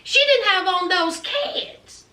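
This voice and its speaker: A woman giving a chatty, animated recap of a TV episode, calling her viewers "honey" and "child" as she talks. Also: very high-pitched, slow pace. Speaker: TV episode reviewer. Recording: roomy, distant from mic.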